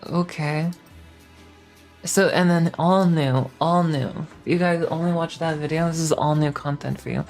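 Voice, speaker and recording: A woman's voice: low voice, fairly even intonation, a little slow, a little mellow, soft background music. A young woman streaming casually, rambling and swearing in exasperation as she recaps a story.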